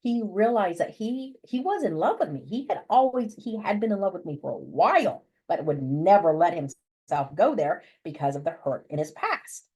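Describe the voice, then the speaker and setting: A woman from the United States, an interview guest telling a personal story in a lively way and acting out the voices of the people she quotes. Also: on the low side, moderate pace, husky, low-quality recording. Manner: animated, acts out voices when quoting people.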